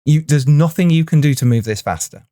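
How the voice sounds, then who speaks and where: A man, a film director co-hosting a podcast, telling stories in animated casual chat and laughing often. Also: on the high side, a little fast, no room sound, studio quality. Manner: animated storyteller, laughs often, restarts phrases.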